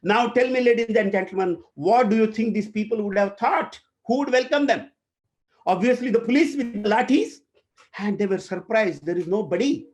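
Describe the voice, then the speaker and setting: A man's voice: sits high, moderate pace, a little mellow. A man with an Indian English accent, a corporate trainer telling a motivational story and speaking directly to his audience.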